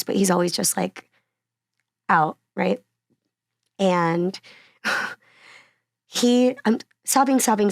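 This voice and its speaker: A woman from Miami, an actress guesting on an interview, telling stories in an animated, chatty way with frequent laughs. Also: medium pitch, vocal fry, no echo, clean studio sound. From Miami, Florida. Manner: animated storyteller, laughs often between phrases; chatty, uses many fillers like "like" and "you know". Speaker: actress and singer-songwriter guest. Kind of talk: casual conversational interview.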